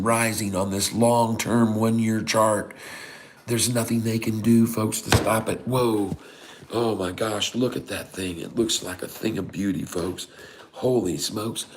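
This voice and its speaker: A middle-aged man giving excited, folksy live commentary on trading charts, full of exclamations and constant asides to his viewers. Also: on the low side. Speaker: day-trading streamer.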